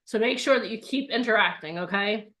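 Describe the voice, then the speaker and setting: A woman's voice: mid-range voice, fairly quick, fairly bright tone. A woman coaching an online bootcamp, talking in an upbeat, chatty way and acting out the voices of people's inner thoughts. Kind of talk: live online workshop talk.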